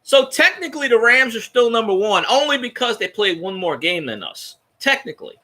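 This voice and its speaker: A man talks fast and heatedly on his fan show, swearing freely as he rants. His voice sits very high and sounds piercingly bright, and it swings widely up and down. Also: sing-song. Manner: profane, heated ranting. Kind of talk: casual fan talk show.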